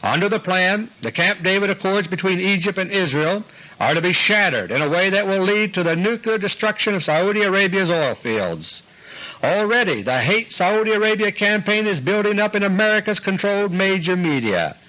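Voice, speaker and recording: A man delivering a scripted political commentary monologue in an earnest, deliberate way, slowing down for emphasis. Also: high-pitched, lively intonation, bright, forceful tone, poor audio. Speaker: commentator delivering a recorded audio letter.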